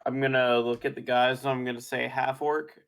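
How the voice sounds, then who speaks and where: A man's voice: mid-range voice, monotone, fast talker, a bit bright, clean tone. A man playing a tabletop game, giving short, hesitant replies. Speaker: player. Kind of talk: casual tabletop play.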